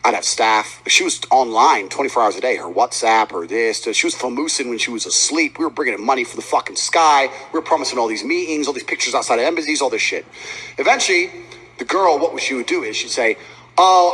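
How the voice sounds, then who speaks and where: A man's voice: medium pitch, lively intonation, quick pace, bright, forceful tone, slightly rough, rough recording. A man telling a profane, boastful story as a podcast guest. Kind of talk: casual podcast chat.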